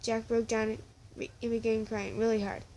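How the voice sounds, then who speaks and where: A woman's voice: a little high, little pitch movement, moderate pace, mellow, slight background noise. A woman casually reading a story aloud, stumbling and restarting now and then. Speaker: story reader.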